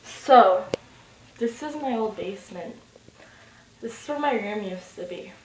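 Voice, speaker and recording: A young woman giving a casual, giggly tour of her old basement, swearing freely and getting animated as she tells stories. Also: medium pitch, measured pace, background noise. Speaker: vlogger giving a house tour. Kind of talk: casual rambling vlog tour. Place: empty basement of an old house, indoors.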